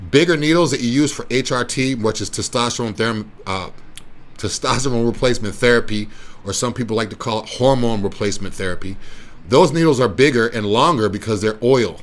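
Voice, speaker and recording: A man who runs a wellness clinic, talking casually and persuasively in a rambling, repetitive way and pushing his point again and again. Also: medium pitch. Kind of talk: casual explanatory talk.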